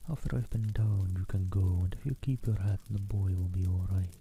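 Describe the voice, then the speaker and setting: A man voicing a steady, polite village blacksmith in a whispered role-play. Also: sits low, brisk, slight background noise. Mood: calm.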